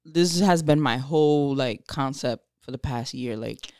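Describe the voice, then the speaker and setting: A woman's voice: very deep voice, unhurried, warm tone, dry recording, clean studio sound. A young woman hosting a podcast, talking reflectively and openly in casual slang. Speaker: podcast host.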